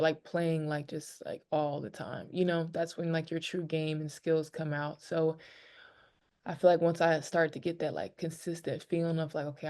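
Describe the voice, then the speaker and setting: A woman with a low, gravelly voice and a dark, mellow tone. She answers press questions openly and with emotion, close to tears. She trails off into plenty of fillers. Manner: candid, rambling with many fillers. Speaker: pro basketball player.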